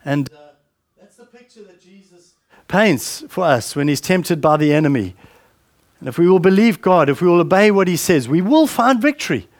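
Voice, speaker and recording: High-voiced man preaching a sermon. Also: animated, moderate pace, no room sound, clean studio sound. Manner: conversational, repeats words, asks questions.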